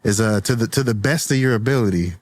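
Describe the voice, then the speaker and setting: A man's voice: on the low side, fast, no echo. A man who produces a podcast, chatting in a goofy, teasing way and giggling often. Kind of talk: casual podcast chat.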